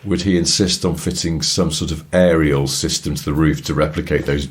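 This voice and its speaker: A man from England co-hosting a podcast, chatting casually and telling anecdotes with lively put-on voices. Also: very deep voice, moderate pace, husky. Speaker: podcast co-host. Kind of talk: casual chat.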